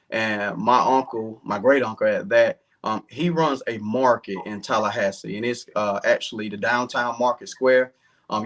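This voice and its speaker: A man's voice: mid-range voice, fairly bright tone. A man in his thirties from southern Georgia with a Southern accent, an earnest political candidate talking in an interview with frequent fillers. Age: 30s.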